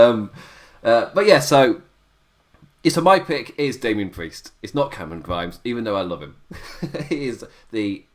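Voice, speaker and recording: A man's voice: medium pitch, sing-song, measured pace. An English man hosting a wrestling review podcast, talking casually and laughing often. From England. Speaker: podcast host.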